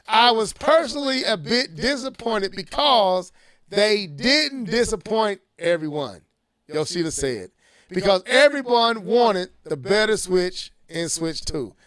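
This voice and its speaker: A high-pitched man hosts a casual gaming podcast. He reads news aloud, then bursts into excited, shouting reactions. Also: unhurried, dry recording. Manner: animated, rises to shouting when worked up. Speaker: podcast host.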